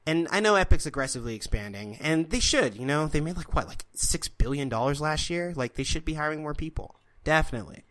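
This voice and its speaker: A man's voice: a little high, lively intonation, fast, few pauses, fairly bright tone. A man co-hosting a podcast, talking casually and at length with strong opinions and many fillers. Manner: opinionated, rambling, filler-heavy. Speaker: podcast co-host. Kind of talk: casual chat.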